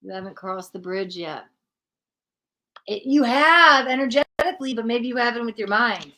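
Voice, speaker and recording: A woman hosting a live-streamed tarot reading, talking straight to viewers in an animated, encouraging way. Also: a little high, moderate pace, poor audio.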